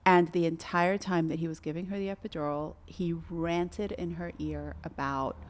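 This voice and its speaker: A woman's voice: lowish voice, moderate pace. A middle-aged woman, a doula, telling a story in a casual podcast chat and acting out the voices of the people in it. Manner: animated, acts out quoted voices.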